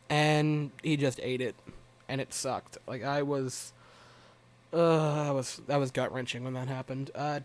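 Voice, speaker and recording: A young man giving a rambling, wry, self-mocking recap of a hockey game as a fan vlogger. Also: fairly high pitch.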